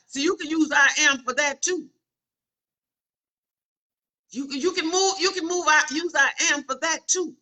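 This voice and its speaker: A woman's voice: high-pitched, measured pace, long pauses, pushed and bright. A middle-aged woman giving an emphatic, repetitive motivational sermon, calling out to her listeners. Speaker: inspirational speaker. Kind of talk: preaching motivational talk.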